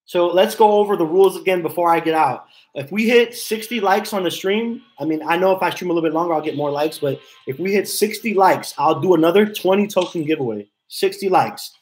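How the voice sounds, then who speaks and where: A man chatting casually on a live stream from his home office. His voice sits a little higher than usual for a man. He rambles, repeats himself and reads chat messages aloud. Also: a little fast, few pauses, a little hiss or hum, rough recording. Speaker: livestream host.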